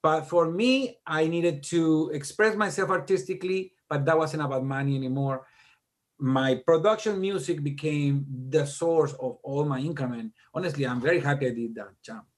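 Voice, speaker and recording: A middle-aged man chats as an interview guest with a slightly high, lively voice. He tells his stories with animated, self-mocking humor and laughs at himself along the way. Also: normal speed. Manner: animated, self-deprecating joker. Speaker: guest music producer. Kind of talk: casual interview storytelling.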